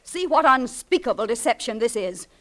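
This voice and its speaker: A protective, skeptical sister speaks in a high voice that swings widely as she scolds. She sounds firm and indignant, like a voice from a 1940s radio mystery. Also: big pitch swings, moderate pace. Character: stern, protective middle-aged sister.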